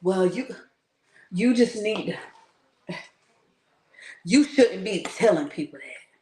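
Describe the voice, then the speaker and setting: A woman's voice: mid-range voice, animated, slow, a little mellow. A woman giving blunt, profane, sarcastic commentary, acting out other people's voices as she goes. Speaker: spiritual vlogger. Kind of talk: animated casual commentary. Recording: roomy echo.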